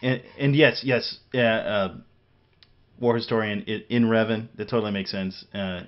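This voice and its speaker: A lower-pitched man from Missouri chats loosely about a game, stumbling through restarts and fillers and laughing often. The audio is dull and lo-fi, like an older podcast recording. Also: steady tone, moderate pace. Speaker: podcast co-host. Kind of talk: casual gaming chat.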